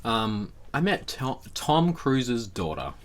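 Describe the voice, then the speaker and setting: A young man, chatting casually on a podcast. His pitch swings widely as he rambles through stories, and a faint hiss sits under the voice. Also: big pitch swings, slow. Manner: rambling anecdotes with frequent laughter. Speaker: podcast co-host. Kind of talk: casual chat.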